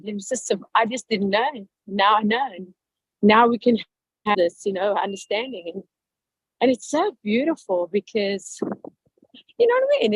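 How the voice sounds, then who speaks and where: A woman hosting a casual group chat over a video call, telling stories in an effusive, animated way with lots of fillers. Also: medium pitch, breathy edge, no room sound, low-quality recording.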